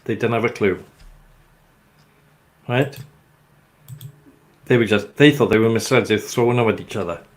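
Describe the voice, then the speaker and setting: An older man with a Welsh accent, hosting a casual chat and telling rambling, jokey stories. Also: lowish voice. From Wales. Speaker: host.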